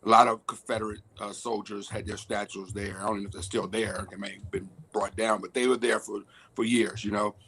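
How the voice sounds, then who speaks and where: A man from Washington, D.C. on a discussion panel, animated and frustrated, laughing as he talks. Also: fairly low pitch, brisk, slight background noise.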